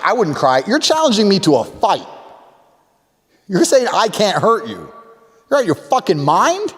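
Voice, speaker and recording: Crude boastful man, lively pitch. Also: in a large hall.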